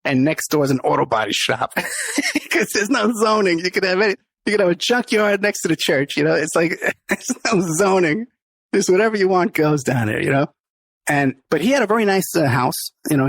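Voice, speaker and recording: A man's voice: on the high side, big pitch swings, fairly quick, a bit bright, no echo. A middle-aged man, the podcast host, telling a story in a casual interview, laughing often and acting out the people he quotes.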